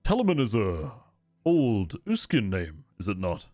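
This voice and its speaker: A man's voice: lowish voice, wildly swooping pitch, measured pace, warm tone, no echo, studio quality. A man voicing a young, regal noble man in a tabletop game who speaks politely and formally. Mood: courteous.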